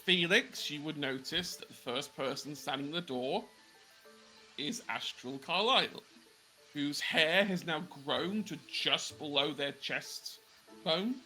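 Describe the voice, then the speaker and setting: A man narrating a tabletop game as game master. He describes scenes at an unhurried pace and uses plenty of fillers. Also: on the high side, sharp tone, faint music behind, low-quality recording.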